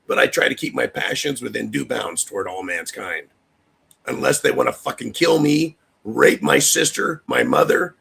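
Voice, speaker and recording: A man's voice: medium pitch, gravelly, fairly bright tone, slightly rough. A man hosting a livestream, delivering a heated, profane political rant and talking straight to chat viewers. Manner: addresses chat viewers directly. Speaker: livestream host.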